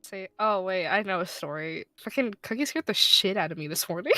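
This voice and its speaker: A woman who voice-acts, casually telling a story during a game stream, animated and swearing, with loud excited bursts. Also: medium pitch, fairly quick, no echo, faint music behind. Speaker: guest co-player, voice actor.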